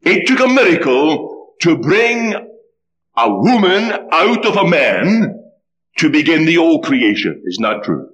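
A man preaching a sermon, telling a story with dramatic, animated delivery. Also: on the high side, takes it slowly, dull audio.

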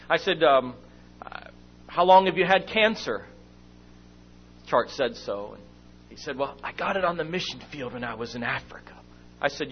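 A middle-aged man preaching and telling a family story, acting out moments as he goes. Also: mid-range voice. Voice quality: lively storyteller, acts out his own shouting and whispering. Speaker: speaker at a church meeting. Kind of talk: sermon with personal stories. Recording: dull lo-fi recording with faint hum.

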